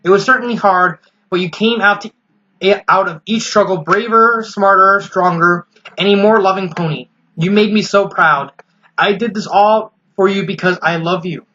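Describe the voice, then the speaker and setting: A man voicing a gentle, motherly pony princess and mentor, speaking with calm earnest reassurance. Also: high-pitched, normal speed, lo-fi sound. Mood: tender.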